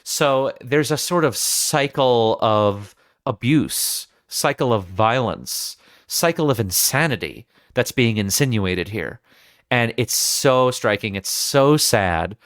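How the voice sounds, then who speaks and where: Male podcast host, mid pitch, earnest analytical chat, dry close recording. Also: expressive, slow, fairly bright tone, dry recording. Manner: earnest, analytical, many restarts. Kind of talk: casual film discussion.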